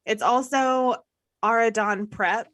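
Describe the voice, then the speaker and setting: A woman's voice: on the high side, fairly even intonation, a bit bright, no echo. Southern woman co-host, chatty, fillers, bone-dry close sound. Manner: chatty, giggly, halting with fillers. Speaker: podcast co-host. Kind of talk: casual podcast chat.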